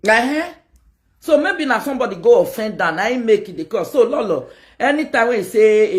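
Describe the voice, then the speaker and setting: A Nigerian woman with a Nigerian accent, ranting to her viewers in a rambling, animated way and mixing pidgin with local-language phrases. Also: a little high, normal speed. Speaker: online video host. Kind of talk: casual rant to camera.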